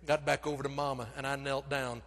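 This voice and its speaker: A man preaching a sermon, telling a story dramatically and moving between loud urgency and hushed intimacy. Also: mid-range voice, level tone, a little fast. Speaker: pastor. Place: church sanctuary. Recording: reverberant church hall.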